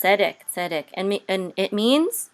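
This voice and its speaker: A woman teaching Hebrew reading over a video call, patient and hesitant with many pauses, now and then chanting words in a sung tone. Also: mid-range voice, expressive.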